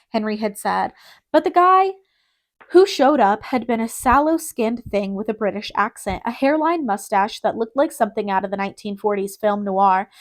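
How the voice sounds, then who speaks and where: A woman reading an audiobook in a steady, measured narration. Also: mid-range voice.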